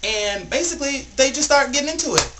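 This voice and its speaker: A young man vlogging a rambling, animated story, packed with filler words. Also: very high-pitched, quick pace, background noise. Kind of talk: casual storytelling vlog.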